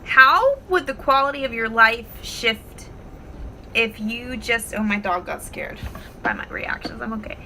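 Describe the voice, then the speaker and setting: A woman vlogging at home, talking casually to the camera and telling stories in an expressive, animated way. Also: fairly high pitch, a little slow, a little hiss or hum, rough recording. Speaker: wellness vlogger. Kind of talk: casual talk to camera with storytelling.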